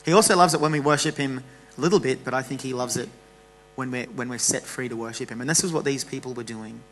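A man preaching a casual, animated sermon to a church youth gathering. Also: mid-range voice, quick pace, a little hiss or hum, rough recording.

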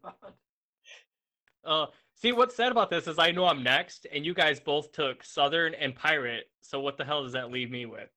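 Bright-voiced joking man. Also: fairly high pitch, normal speed. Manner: groaning, mock-dreading, joking. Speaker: podcast co-host. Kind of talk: casual comedic chat over a remote call.

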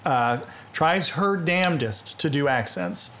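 A man co-hosting a podcast in casual chat, with a dry, halting delivery and deadpan jokes. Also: a little high, slight background noise. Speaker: podcast co-host.

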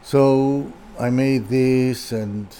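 A man's voice: medium pitch, fairly even intonation, dark tone, slight background noise. An older man, a furniture designer, telling a casual story as an interview guest, stopping and restarting his sentences often. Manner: halting, with many restarts and repeated words.

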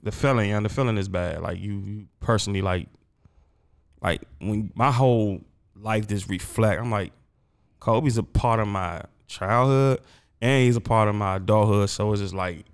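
A grieving man talks loosely in a casual chat, repeating words and circling back on himself. His low voice has a gravelly fry but stays smooth and clear underneath. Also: normal speed. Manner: rambling, emotional, repeats words. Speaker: guest. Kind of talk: casual conversation.

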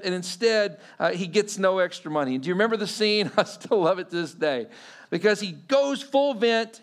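A pastor preaching a sermon, animated, acting out the voices in the stories he tells. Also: high-pitched.

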